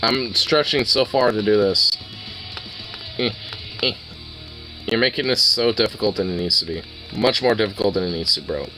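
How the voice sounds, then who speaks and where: A man's voice: on the low side, normal speed, pauses often, bright, forceful tone, soft background music, low-quality recording. A young man at home chatting to his dog while brushing it, teasing and playful with crude swearing. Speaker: dog owner vlogger.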